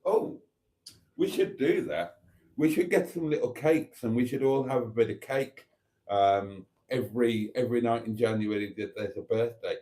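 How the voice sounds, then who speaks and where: A man's voice: mid-range voice, moderate pace, warm tone. A middle-aged man, chatting casually on a live stream and reading viewer comments aloud with playful asides.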